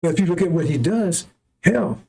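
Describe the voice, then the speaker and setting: A man's voice: sits high, animated, normal speed, gravelly, a little mellow. A man giving a heated, profane preaching monologue, often repeating himself and asking "right?" or "see?". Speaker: religious preacher. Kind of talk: impassioned unscripted preaching monologue.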